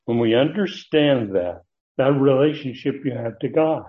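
A man teaching a Bible passage to a class, earnest and emphatic, slowing down to stress key words as he reads from his notes. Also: mid-range voice, animated. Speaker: pastor teaching a Bible study. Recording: dull lo-fi recording.

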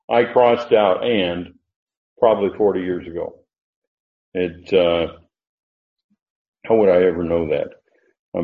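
An older man teaching a Bible study as a preacher, unhurried and halting, with many fillers. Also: deep voice. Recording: roomy, dull lo-fi sound.

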